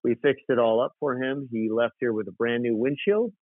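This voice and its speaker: Guest, male, from South Dakota; animated storyteller, mid pitch, phone-quality dry audio. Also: fairly quick, no room sound. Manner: animated, rambling storyteller with fillers. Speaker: guest, custom motorcycle builder. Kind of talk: casual storytelling interview. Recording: tinny dry phone-like line.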